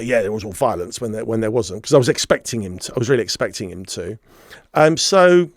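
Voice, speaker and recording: Animated man telling a story. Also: mid-range voice, no echo, clean studio sound. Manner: animated, acts out quoted dialogue. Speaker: podcast guest. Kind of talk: storytelling interview.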